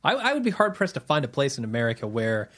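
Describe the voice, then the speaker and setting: A man's voice: medium pitch, sing-song, quick pace, a bit bright. A man in a casual film chat, easygoing and agreeable, often hesitating.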